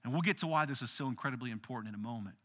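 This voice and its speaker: A man preaching a casual, animated sermon, retelling a Bible story in everyday words. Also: medium pitch, very fast, long reverb tail. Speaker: pastor.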